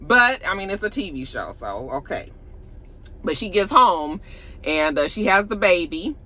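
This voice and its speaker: A woman's voice: fairly low pitch, a little slow, rough recording. A woman casually recapping and reviewing a TV episode, telling it like a story with blunt, salty asides and opinions. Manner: animated storyteller who acts out the characters' lines.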